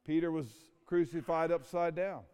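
Emotional high-voiced preacher, big hall. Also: male voice, fairly even intonation, a little mellow, smooth. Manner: emotional, rhetorical questions, dramatic pauses. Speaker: pastor. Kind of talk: sermon. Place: church sanctuary. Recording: long reverb of a large hall.

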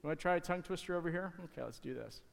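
A man talking to the kids in church, giving a casual, halting object lesson from the stage. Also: fairly high pitch, creaky, slight background noise. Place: church sanctuary. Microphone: handheld or stage mic. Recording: hall reverb in a sanctuary.

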